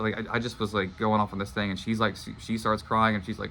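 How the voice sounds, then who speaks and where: A man's voice: lowish voice, little pitch movement, fast talker, few pauses, bright, forceful tone, slight background noise. A young man telling a personal story to his viewers in a casual, rambling way, filling his talk with "like". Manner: casual, rambling, heavy use of "like". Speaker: manifestation coach.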